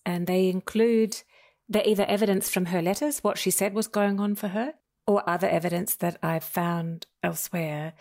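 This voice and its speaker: A woman's voice: medium pitch, darkish tone. A woman author telling stories as a guest in an interview, laughing now and then. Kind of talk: relaxed storytelling in conversation.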